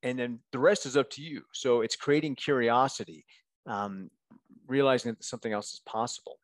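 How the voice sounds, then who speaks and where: A man's voice: mid-range voice, normal speed, no echo. A man speaking as a guest coach in a casual podcast interview, talking candidly and encouragingly and often checking in with "right?". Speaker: guest, men's coach and author.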